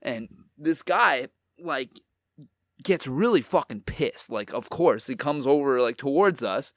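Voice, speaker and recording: A man telling a story in casual chat, animated, swearing often and acting out what people said. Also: medium pitch, a little slow, no echo, clean studio sound. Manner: animated, swears a lot, acts out quotes. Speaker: podcast co-host.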